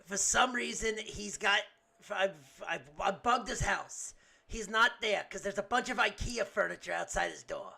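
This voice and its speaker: A man's voice: high-pitched, normal speed, gravelly, sharp tone. A man co-hosting a podcast, trading crude improvised comedy banter in a stammering, rambling, profane way. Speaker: podcast co-host.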